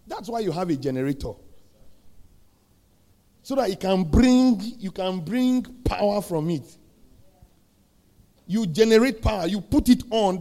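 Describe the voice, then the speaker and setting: A middle-aged man preaching a sermon, asking the congregation questions and building to shouted peaks. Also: high-pitched. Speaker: pastor.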